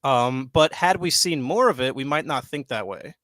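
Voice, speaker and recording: A young man co-hosting a podcast, chatting loosely and excitedly, swearing freely and filling with "like" and "dude". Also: mid-range voice, moderate pace, dry recording. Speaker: podcast co-host. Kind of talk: casual chat. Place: home studio, live stream.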